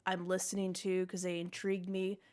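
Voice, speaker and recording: A woman's voice: on the low side, monotone, fairly quick, a little mellow. A woman co-hosting a gaming podcast in casual chat, rambling and jokey as she drifts into tangents. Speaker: podcast co-host.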